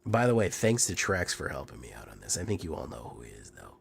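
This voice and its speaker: A sick man with a hoarse, deep and raspy voice, chatting casually as a game streamer with many fillers and quiet trailing asides. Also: very animated, fast. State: hoarse from illness.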